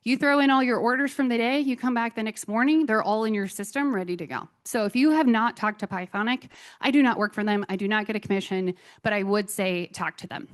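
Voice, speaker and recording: A woman presenting a conference talk on software tools, chatty and enthusiastic with self-deprecating asides. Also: a little high, brisk.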